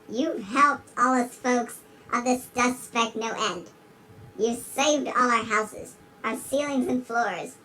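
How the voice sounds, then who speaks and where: Voicing a big-lipped, giggly alligator, a performer reads a rhyming storybook with drama, punctuated by frequent giggles. The mid-range voice moves at a slow pace with a sharp tone, and the low-quality recording has a little hiss or hum.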